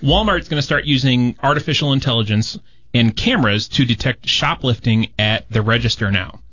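A man's voice: mid-range voice, moderate pace, a bit bright, dull audio. A man appearing as a tech guest on a radio show, explaining the news in a friendly, easygoing way. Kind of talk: casual radio chat.

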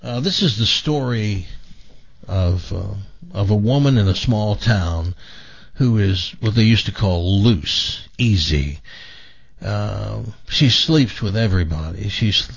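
A man hosting a talk radio show, telling a long joke slowly with pauses and drawn-out lists. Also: lowish voice, gravelly, husky, dry recording. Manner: slow, drawn-out storytelling with pauses. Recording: dull dry broadcast audio.

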